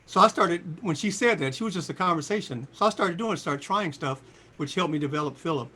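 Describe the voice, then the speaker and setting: A man in his sixties telling stories as a guest in an interview, acting out the quotes in a lively voice. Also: fairly quick, husky. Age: 60s. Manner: lively storyteller, voices quotes with big pitch jumps. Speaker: singer and guest. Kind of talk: animated storytelling interview.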